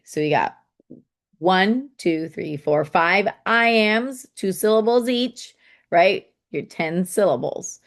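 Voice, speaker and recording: A woman leads a casual writing lesson at an unhurried pace, often pausing to say "okay." She thinks aloud and taps out syllables and stresses as she goes, with a mid-range voice. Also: mid-range voice, expressive. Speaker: homeschool poetry teacher.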